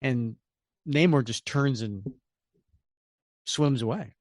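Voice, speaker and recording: Enthusiastic guy hosting a comics podcast, super lively pitch, dry close sound. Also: a little slow, long pauses, dry recording. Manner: enthusiastic, animated. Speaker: podcast co-host. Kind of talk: comic book review chat.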